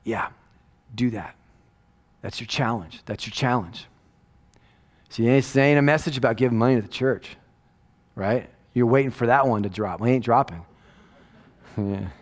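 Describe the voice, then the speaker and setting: Middle-aged guy pastor preaching super casual, rambly and animated, keeps going "right?", gets loud then real quiet. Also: mid-range voice, moderate pace, pauses often. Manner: animated and rambling, often tags "right?", swings from loud emphasis to hushed asides. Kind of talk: casual conversational sermon.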